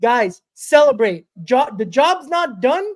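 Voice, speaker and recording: A man hosting a sports fan show from his small home studio, ranting fast and excitedly, swearing and repeating himself. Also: very high voice. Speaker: host. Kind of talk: excited postgame fan rant.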